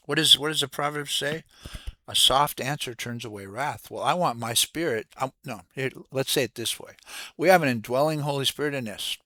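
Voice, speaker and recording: A man giving an earnest, casual devotional talk, halting and restarting as he repeats words. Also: mid-range voice, pushed and bright, no echo. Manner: earnest, preacherly. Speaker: host of a Christian devotional channel.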